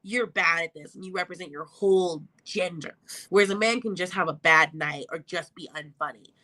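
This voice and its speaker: Bright chatty woman comedian guest. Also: fairly low pitch, poor audio. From Arlington, Texas. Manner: quick, chatty, emphatic. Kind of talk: casual interview chat.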